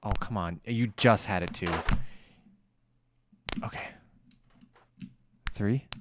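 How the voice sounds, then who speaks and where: A man giving let's play commentary, excitable, swearing and scolding himself out loud as he plays. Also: fairly low pitch, takes it slowly, heavy background noise. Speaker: gamer playing a video game.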